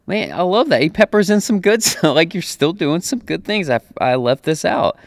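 Casual, animated man preaching in a dry sound. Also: on the high side, moderate pace, gravelly, few pauses, no echo. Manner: casual and animated, laughing often, acting out quotes. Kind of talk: conversational sermon.

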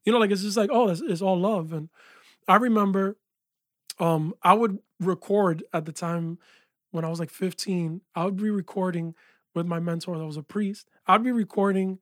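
A man with a high-pitched voice tells his story as a guest in a relaxed interview. He talks with animated energy and leans on "yo" and "like" often. The sound is dry and close, as in a small studio. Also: moderate pace, no echo. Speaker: guest, music producer and engineer. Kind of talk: casual interview chat.

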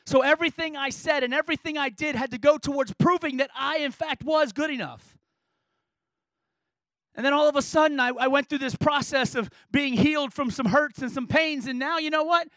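A man's voice: very high-pitched, fairly bright tone, no echo, poor audio. A man preaching a sermon as a pastor, earnest and emphatic, driving points home with repeated rhetorical questions.

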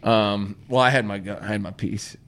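Speaking at normal speed in a fairly low voice, a Missouri man hosting a podcast rambles through a camping story. He's profane and animated, quoting himself and acting out his own voice.

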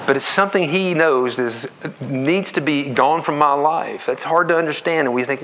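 A pastor preaching a sermon to his congregation in an earnest, conversational way, with repetitions and quick asides. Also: a little high, bright, forceful tone, a little hiss or hum. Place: church sanctuary.

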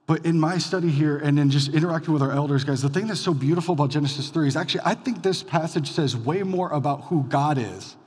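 A male pastor preaching a conversational sermon, rising to loud emphatic bursts and dropping to quiet lines. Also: on the high side, husky, big-room sound. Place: church sanctuary.

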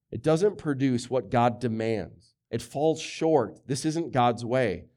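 A middle-aged man preaching a sermon as a pastor, talking conversationally with many rhetorical questions and swinging from loud emphasis to hushed lines. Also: mid-range voice.

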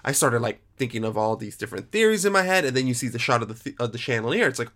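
A man chatting casually about a movie, animated, swearing and acting out his reactions. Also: medium pitch, racing, hardly any pauses. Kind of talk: casual movie review chat.

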